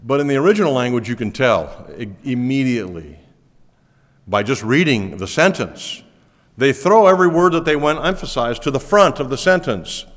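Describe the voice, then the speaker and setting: A male pastor delivers a sermon with a lively, swinging pitch, lifting and pressing on each word he stresses before sinking low again. His voice rings through a church hall with a long reverb tail. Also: moderate pace. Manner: emphatic, rising to stress key words, then dropping low. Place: church auditorium.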